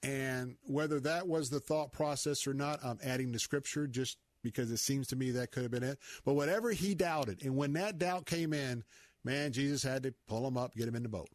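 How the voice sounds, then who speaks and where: A man's voice: medium pitch, normal speed. A man with a Southern accent hosting a Christian talk radio show, speaking in a folksy, preachy, conversational way.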